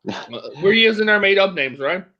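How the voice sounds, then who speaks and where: Bright high-voiced man telling stories. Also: lively intonation, normal speed. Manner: storytelling, mimics callers. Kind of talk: casual chat. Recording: dull lo-fi sound.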